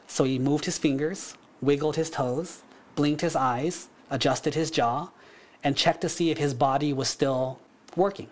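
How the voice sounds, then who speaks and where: A man, a monk teaching a class, telling a story in a relaxed, conversational way with frequent fillers. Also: on the high side, measured pace. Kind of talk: casual storytelling.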